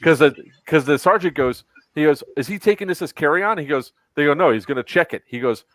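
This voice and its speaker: A man's voice: on the high side, lively intonation, fairly quick, a bit bright, dry recording. A man hosting a casual podcast, telling a long story with plenty of swearing and acting out other people's lines. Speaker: podcast host.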